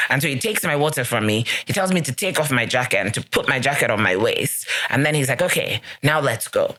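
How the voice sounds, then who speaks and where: A woman's voice: very deep voice, animated, a little fast, hardly any pauses, a bit bright. A woman hosting a solo podcast, talking earnestly and emphatically, repeating key phrases as she gives encouragement to listeners. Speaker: podcast host. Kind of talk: solo motivational podcast talk.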